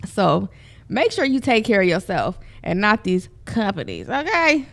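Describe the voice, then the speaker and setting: A woman's voice: medium pitch, sing-song, unhurried. A woman host and business coach giving motivational talk, speaking straight to her listeners in an upbeat way. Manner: upbeat, addresses listeners directly, affirming interjections.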